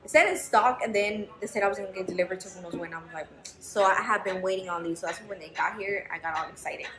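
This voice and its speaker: A woman's voice: mid-range voice, fast, a crowd in the background. Frank, foul-mouthed young woman vlogging. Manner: frank, swears freely, chatty storytelling. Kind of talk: casual chat to camera. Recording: roomy echo with background music.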